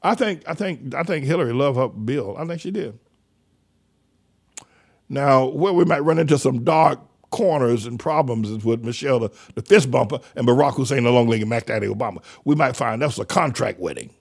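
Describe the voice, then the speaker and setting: A man's voice: medium pitch, lively intonation, normal speed, creaky, darkish tone, husky. An older man hosting a talk show, delivering rambling, mocking political commentary that trails off and restarts mid-sentence. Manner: mocking, sardonic. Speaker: radio show host.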